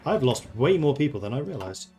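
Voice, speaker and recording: A man's voice: medium pitch, sing-song, fairly quick, dark tone, soft background music. Man chatting through a strategy game. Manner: thinking aloud, chatty and playful. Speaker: game streamer. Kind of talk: casual gameplay commentary.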